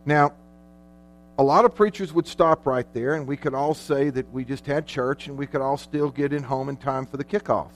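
A man preaching a sermon as pastor, emphatic, slowing down and swelling in volume on key words. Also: medium pitch, steady tone. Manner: emphatic preaching with dramatic slowdowns and loud peaks.

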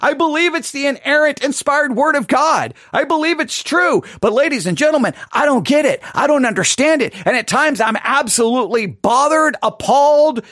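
A man preaching a sermon, impassioned, with frequent stammering restarts and sudden bursts of shouting. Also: extremely high pitch, animated, normal speed, few pauses, no room sound, clean studio sound. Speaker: pastor.

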